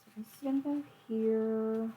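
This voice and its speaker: A woman's voice: a little high, fairly even intonation, normal speed, dull audio, slight background noise. A woman demonstrating card making at home in a casual tutorial, chatting to herself as she works. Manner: chatty, talks to herself and her dog while working.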